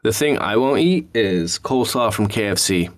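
A man co-hosting a podcast, telling crude fast food stories in casual chat. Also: fairly low pitch, animated. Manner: profane, storytelling, laughs often. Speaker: podcast co-host.

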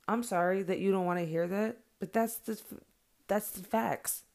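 Blunt, gravelly-voiced woman venting. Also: medium pitch, normal speed, darkish tone. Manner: blunt, heated, profane. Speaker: mother sharing her views. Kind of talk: candid monologue to viewers.

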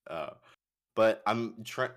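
A man chatting as a podcast guest, hesitant as he thinks aloud and quick to laugh. His voice sits on the low side. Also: a bit bright. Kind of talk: casual podcast chat.

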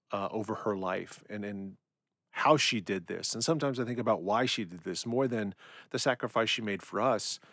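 A middle-aged man speaks in a fairly low voice as he hosts a personal podcast. He tells family stories in an easy, unhurried way, with plenty of ums and uhs. The sound is dry, with no room echo. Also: vocal fry. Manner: relaxed storytelling with frequent fillers. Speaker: podcast host. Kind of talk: personal reflective monologue.

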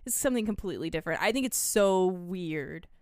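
A woman's voice: on the low side, lively intonation, brisk, dry recording, studio quality. A woman co-hosting a casual movie review podcast, wry and skeptical, with blunt commentary. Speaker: podcast co-host.

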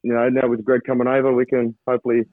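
An Australian man, a rugby league player, chatting as a guest over a call, halting with many restarts. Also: medium pitch, completely flat delivery, no echo. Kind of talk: casual interview over a call. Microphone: phone or video call from abroad. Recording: thin phone line, dry.

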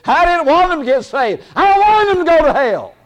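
A man preacher voicing a sulky, indignant prophet in a high, loud, whining tone during a sermon. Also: sing-song, fairly quick.

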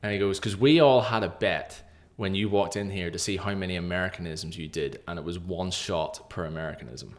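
Animated young man, low voice. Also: fairly quick. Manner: animated storyteller, often acting out other people's lines. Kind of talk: casual podcast chat.

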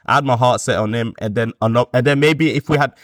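A man's voice: medium pitch, brisk, no room sound, studio quality. A man thinking aloud about football on a podcast, hesitant and full of slang like "you get me". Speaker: podcast guest pundit. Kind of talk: casual football chat.

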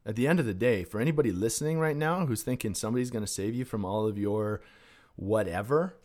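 Low-voiced man telling a wild story. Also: fast. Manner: animated, profane, swings between hushed and loud. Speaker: podcast guest. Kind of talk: casual personal storytelling.

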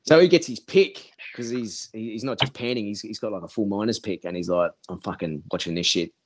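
A man's voice: fairly low pitch, expressive, a little fast, a little mellow. A man telling a rambling story in casual chat, swearing a lot and acting out what people said. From Australia. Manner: rambling, heavy swearing, acts out quotes. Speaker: podcast guest.

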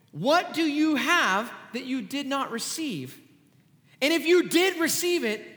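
A middle-aged man preaching a sermon as a pastor, animated and sarcastic, with quick joking asides. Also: very high-pitched. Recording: long hall reverb.

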